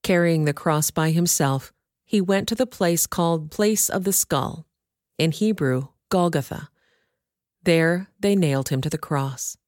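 Woman reading scripture, steady and even, lowish voice, dry close sound. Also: measured pace, no room sound. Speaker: scripture reader. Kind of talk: scripted narration.

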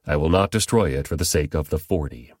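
A man voices a calm, merciful god answering in measured words, in a scripture reading. The voice is deep and even. The recording is close and dry. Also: dry recording. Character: calm, merciful male deity.

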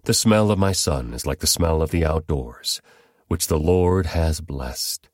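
A man reading the part of an old blind father giving a solemn blessing, measured and grave. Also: extremely low pitch, expressive, no room sound, clean studio sound.

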